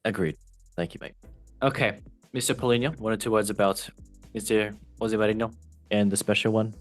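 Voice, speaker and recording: A man's voice: fairly low pitch, steady tone, fairly quick, faint music behind. Loose, jokey man hosting a football panel. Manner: jokey, loose, asides while reading. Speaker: podcast host. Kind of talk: casual panel chat and news reading.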